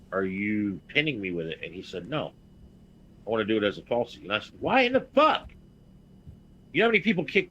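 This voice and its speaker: A man on a podcast telling a blunt, profane story as a veteran wrestler and getting loud and heated. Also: lowish voice, muffled recording, a little hiss or hum. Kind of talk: casual podcast chat.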